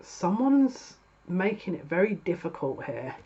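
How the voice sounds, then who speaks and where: A woman's voice: lowish voice, big pitch swings, measured pace, dark tone, husky, muffled recording. A woman giving a tarot card reading, chatty and exasperated, with laughing asides. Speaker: tarot reader.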